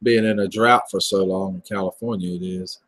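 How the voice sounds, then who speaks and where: A man's voice: deep voice, fairly even intonation, a little fast, fairly bright tone, no room sound, poor audio. A man with a Southern US accent chatting casually on a livestream, rambling and laughing easily. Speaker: livestream host.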